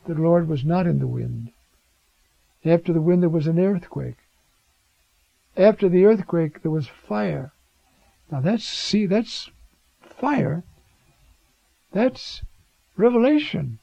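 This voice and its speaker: A man's voice: expressive, slow, gravelly, pauses often, mellow, no room sound, lo-fi sound. An older man preaching a sermon on the prophets, acting out their words with dramatic swings of voice. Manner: dramatic, acts out biblical quotes with rising pitch.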